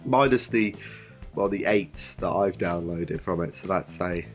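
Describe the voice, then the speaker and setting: A man's voice: low-pitched, measured pace, soft background music. A man co-hosting a casual podcast, rambling and hesitant with many ums. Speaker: podcast co-host.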